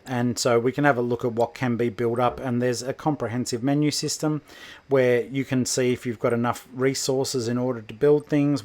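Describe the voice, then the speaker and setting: A man's voice: medium pitch, darkish tone. A man hosting a gaming podcast, giving chatty, rambling let's-play commentary over his gameplay, with self-deprecating asides.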